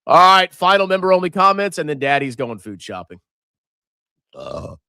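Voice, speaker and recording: A man in his thirties hosts a casual finance livestream, his voice bright, forceful, creaky yet smooth, at a moderate pace. He's animated and jokey, his pitch swinging widely as he reacts loudly to price moves with playful exclamations. The recording is dry and close to the mic.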